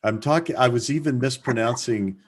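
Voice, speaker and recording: A man's voice: medium pitch, moderate pace, breathy edge. A man moderating a group mentoring call, friendly and self-deprecating. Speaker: session moderator.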